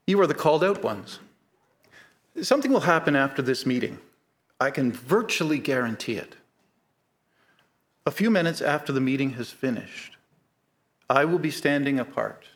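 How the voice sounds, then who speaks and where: A middle-aged man preaching a sermon, earnest and measured, slowing down to stress key points. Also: mid-range voice. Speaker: pastor.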